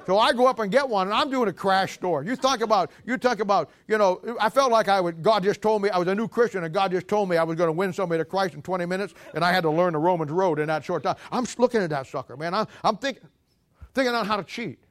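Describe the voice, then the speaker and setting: A high-voiced man delivers a folksy, joking sermon. He tells stories with animated swings between loud bursts and quiet asides, and laughs at his own punchlines. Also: quick pace. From Missouri, USA. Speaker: pastor.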